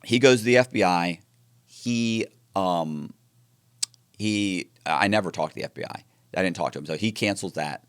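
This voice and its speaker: A man telling his story in an interview, animated and acting out the dialogue with frequent restarts. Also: deep voice, normal speed, smooth, dry recording, clean studio sound. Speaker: interview guest.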